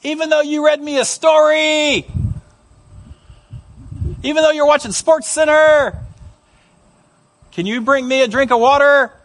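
A man's voice: very high voice, steady tone, a little slow, long pauses, fairly bright tone, voice pushed up. A man playing a small boy who keeps pleading for a drink of water at bedtime. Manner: pleading, insistent.

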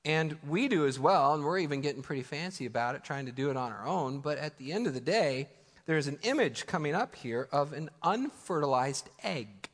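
A man's voice: on the high side, animated, normal speed. A man in his thirties with a Midwestern American accent, preaching a sermon in a casual, conversational way, with laughing asides and acted-out prayers. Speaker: pastor. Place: church sanctuary. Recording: church hall with long reverb.

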